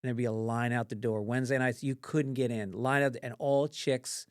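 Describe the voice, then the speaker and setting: Profane, low-key male comedian guest. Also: fairly even intonation, normal speed, smooth, dry recording, clean studio sound. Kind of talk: casual storytelling chat.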